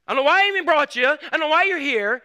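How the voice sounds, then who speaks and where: A man playing an impatient father who yells at his small son. The voice is pushed up high and strained, and it snaps every order with sharp, shouting force. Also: expressive, rapid-fire, heavily acted. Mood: exasperated. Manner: shouting, scolding.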